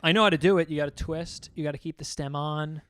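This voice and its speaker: A man's voice: fairly high pitch, fairly even intonation, quick pace, a bit bright, clear, resonant tone. A young man co-hosting a casual podcast chat, telling rambling stories and swearing often. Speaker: podcast co-host.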